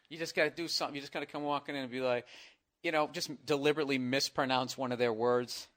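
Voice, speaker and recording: A man's voice: medium pitch, quick pace, fairly bright tone, no echo, clean studio sound. A man co-hosting a casual comedy chat, riffing in profane rants. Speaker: comedian co-host.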